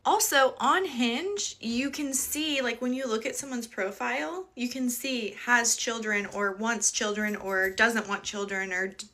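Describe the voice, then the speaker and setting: A young woman telling a dating story in a quick, sassy, wry way. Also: a little high, bright, forceful tone. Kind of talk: casual storytime chat.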